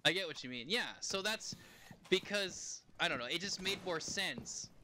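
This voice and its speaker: A man's voice: high voice, expressive, normal speed, bright, forceful tone. A young man streaming a game, chatting casually in a rambling way and laughing often. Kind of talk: casual live-stream chat while playing.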